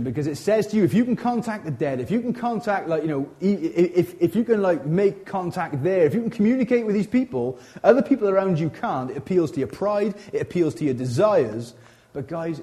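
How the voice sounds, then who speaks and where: A man preaching an informal sermon, animated and chatty, often breaking off into asides and restarting his sentences. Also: a little high, fairly quick. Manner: animated, chatty, frequent self-interruptions and asides.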